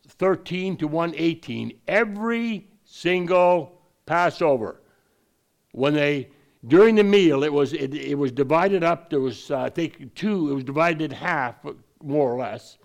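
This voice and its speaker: A man teaching from scripture in a conversational way, reading verses slowly and then explaining them in quick asides. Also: on the high side, creaky. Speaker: preacher. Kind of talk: Bible teaching.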